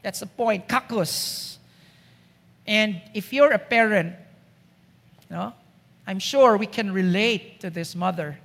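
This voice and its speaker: Woman preacher, slow and emphatic, long church-hall echo. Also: mid-range voice, vocal fry. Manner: emphatic, rhetorical questions. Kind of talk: sermon.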